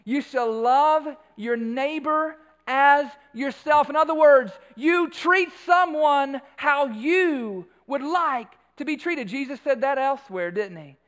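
A middle-aged man preaching a sermon, swinging from quiet asides to loud, stretched-out emphasis. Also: high-pitched. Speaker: pastor.

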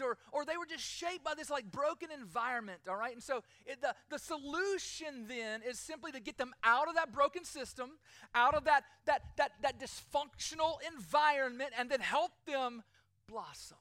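A man's voice: very high-pitched, animated, normal speed, sharp tone, dry recording, clean studio sound. A man preaching a sermon, emphatic, with a delivery that rises and falls. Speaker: pastor.

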